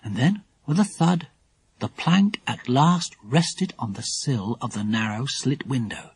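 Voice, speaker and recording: A man narrating a children's audiobook in a lively, expressive storytelling manner. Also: medium pitch, unhurried, husky, no room sound.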